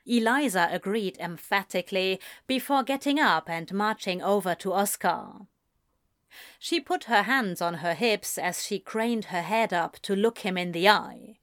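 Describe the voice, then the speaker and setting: A woman reading a story aloud in measured, gentle scripted narration. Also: medium pitch. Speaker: audiobook reader.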